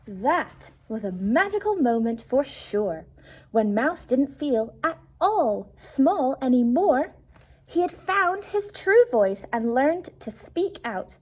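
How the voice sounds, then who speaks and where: A woman reading a rhyming picture book aloud to children, slow and expressive, hushing her voice at tense moments. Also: sits high, breathy edge. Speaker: storyteller.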